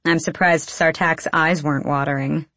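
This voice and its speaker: A woman reading the lines of a blunt, teasing, sharp-eyed clan girl in an audiobook. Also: deep voice, fairly even intonation, normal speed, no room sound.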